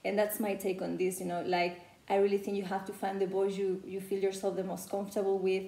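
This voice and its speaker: A woman's voice: mid-range voice, completely flat delivery, brisk, mellow. A woman from Spain with a Spanish accent, coaching English pronunciation in a loose, chatty way full of "you know". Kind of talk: casual teaching talk. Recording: echoey room.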